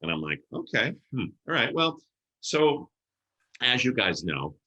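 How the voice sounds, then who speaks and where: A man's voice: medium pitch, sing-song, measured pace, sharp tone. A middle-aged man and podcast guest, telling stories casually and acting out the voices of people he quotes. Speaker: podcast guest, event planner. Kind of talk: casual storytelling interview. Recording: roomy echo.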